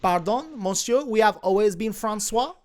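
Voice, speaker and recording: A fawning young French sailor, put on by a man in a heavy stage French accent. He speaks politely and nervously to his emperor, his voice sitting a little high. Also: animated, moderate pace. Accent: fake French.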